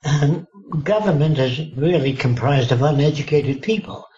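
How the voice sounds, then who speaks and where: A man's voice: fairly high pitch, expressive, moderate pace, warm tone, slight background noise. A man in his nineties giving an interview, blunt and emphatic, often checking that he is understood. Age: 90s. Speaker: interviewee, futurist. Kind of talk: conversational interview. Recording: dull lo-fi sound.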